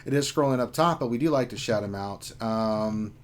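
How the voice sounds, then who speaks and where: A man's voice: medium pitch, normal speed. A man hosting a gaming live stream, casual chat delivered in loose, rambling bursts.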